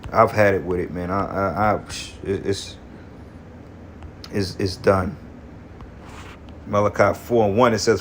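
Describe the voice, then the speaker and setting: A man's voice: lowish voice, slight background noise. A man preaching in an angry, profane rant, reading scripture verses and then commenting on them. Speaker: street preacher.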